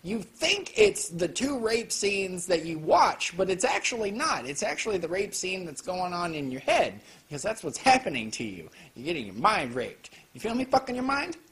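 A man giving a casual, joking film review, full of swearing and quick asides. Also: high voice, big pitch swings, fairly bright tone. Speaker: anime reviewer. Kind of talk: casual profane video review.

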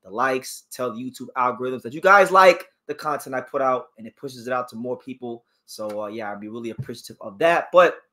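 A boxing channel host with a mid-range, sharp-toned voice talks a little fast with hardly any pauses. On his casual livestream he chats away, reading viewer comments aloud, reacting, and offering opinions on fighters.

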